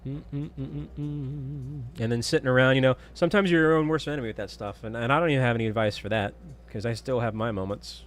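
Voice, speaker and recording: A man's voice: medium pitch, rapid-fire, hardly any pauses, faint music behind. A man chatting casually with viewers during a live stream, telling stories and humming to himself.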